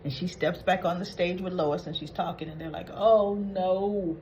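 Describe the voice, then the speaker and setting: A woman's voice: lowish voice, fairly even intonation, a little fast, dull audio, a little hiss or hum. Chatty woman recapping a soap. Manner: chatty, retells scenes acting out quoted lines. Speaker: soap opera recap host. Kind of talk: casual spoken episode recap.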